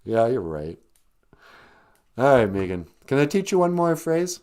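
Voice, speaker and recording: A man's voice: mid-range voice, big pitch swings, a little slow, darkish tone. A man hosting a live-stream podcast, rambling through a sarcastic, mock-grumpy comedic rant. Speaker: podcast host.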